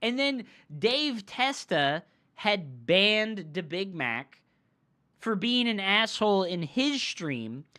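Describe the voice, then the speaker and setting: A man's voice: high-pitched, big pitch swings, slow, bright, forceful tone. A male game streamer telling a story in a heated, profane rant, full of "like" and "right?". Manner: fillers like "like" and "right?". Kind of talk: ranting storytime chat.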